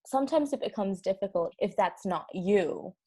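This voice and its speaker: A young woman with a New Zealand accent, co-hosting a casual podcast in a relaxed, agreeable way with many fillers. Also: mid-range voice, normal speed, husky. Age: young adult. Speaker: podcast co-host. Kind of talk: casual chat.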